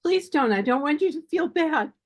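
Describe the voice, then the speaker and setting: A woman's voice: high voice, animated, moderate pace, dry recording, clean studio sound. A woman student chatting earnestly with her teacher on a video call. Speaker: class student. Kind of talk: casual chat.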